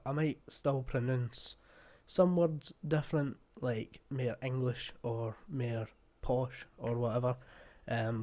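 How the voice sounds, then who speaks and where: A man from Fife, Scotland, with a broad local accent hosts a casual reaction video. He's chatty and rambling, full of fillers, and his mid-range voice is a little mellow.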